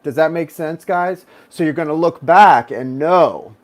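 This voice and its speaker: A man's voice: a little high, a little slow. A man in his thirties, a tarot reader, talking casually and at length to his viewers, drifting off on personal tangents and addressing them directly. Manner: rambling, digressive, talks straight to viewers. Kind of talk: casual chatty reading to viewers.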